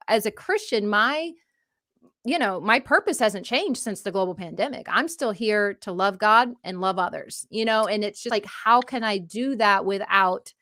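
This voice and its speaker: A woman's voice: medium pitch, bright, forceful tone, no room sound, clean studio sound. A woman hosting a show, talking in a heartfelt, searching way in a casual interview. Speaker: show host.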